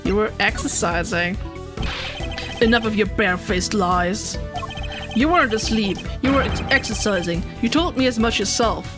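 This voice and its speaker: A woman's voice: mid-range voice, moderate pace, close to an everyday voice. A woman voicing a stern male prosecutor who questions in a formal, pressing manner, with game music behind. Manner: formal, cross-examining.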